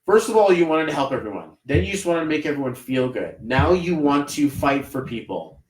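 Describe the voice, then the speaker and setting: A man's voice: a little high, very animated, brisk, reverberant, rough recording. A man with a Canadian accent doing a live numerology reading, rambling and encouraging, with many fillers. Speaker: numerology reader. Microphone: livestream camera mic.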